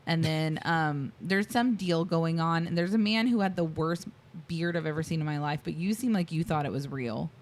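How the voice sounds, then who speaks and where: A woman's voice: low-pitched, normal speed. A woman co-hosting a podcast, recapping a movie in casual chat, giggling often and acting out the characters' lines as she tells the story. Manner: giggly, animated storytelling with quoted voices. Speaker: podcast co-host.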